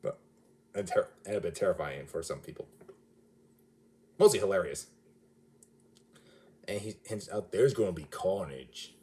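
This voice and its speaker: A man's voice: sits low, animated, unhurried, long pauses, darkish tone. A man giving a casual, rambling movie review, often restarting and correcting himself mid-sentence. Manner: rambling, self-correcting, chatty.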